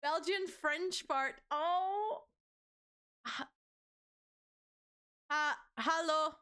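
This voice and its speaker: A young woman with a high voice speaks extremely slowly, her tone pushed and bright. She's chatting casually on a livestream with viewers, giggly, bubbly, and freely swearing.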